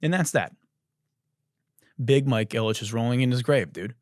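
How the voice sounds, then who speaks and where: A male comedy podcast host whose pitch leaps and swoops as he rants, swearing freely and playing up his outrage. His mid-pitched voice sits close and dry on the mic, with no room sound around it. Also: normal speed, no room sound. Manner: animated, profane ranting. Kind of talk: comedic monologue.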